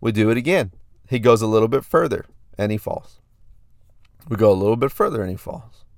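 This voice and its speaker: A man's voice: on the low side, expressive, a little fast, darkish tone, no echo, clean studio sound. A man in his thirties hosting a fitness podcast, telling a story in a hyped, repetitive way. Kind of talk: casual podcast monologue.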